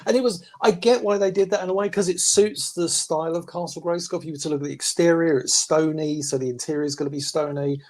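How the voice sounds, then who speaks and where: A man in casual podcast chat, talking over comic pages with an animated, lively delivery. He keeps breaking into mocking little voices to act out what characters say, and sits a touch higher than most men. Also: fast, few pauses. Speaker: podcast host reviewing comics.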